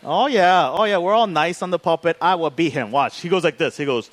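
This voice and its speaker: A man's voice: on the high side, a little fast, few pauses. A male pastor telling a story in a sermon, acting out both sides of a conversation and laughing along the way.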